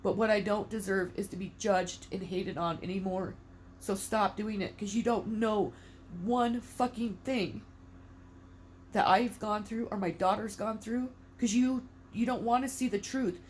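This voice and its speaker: A woman's voice: mid-range voice, steady tone, unhurried, darkish tone, slight background noise. Tearful, defiant middle-aged woman. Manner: angry, defiant, swearing. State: tearful, emotional. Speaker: mother speaking out. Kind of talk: emotional monologue to camera.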